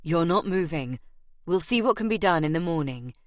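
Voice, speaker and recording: A woman narrator voicing a firm, protective young gentleman in an audiobook. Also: deep voice, lively intonation, moderate pace, dry recording, clean studio sound. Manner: firm, soothing. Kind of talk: audiobook character voice.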